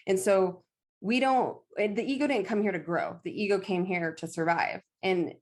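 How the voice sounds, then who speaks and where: A woman's voice: medium pitch, moderate pace, a little mellow. A woman who works as a medium, speaking as a guest in a casual conversation. She talks candidly, laughs often and swears freely.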